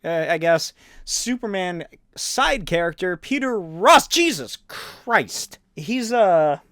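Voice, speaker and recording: A man's voice: sits high, animated, takes it slowly, fairly bright tone, no echo, clean studio sound. Wry comic-recap host, man. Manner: wry, joking asides.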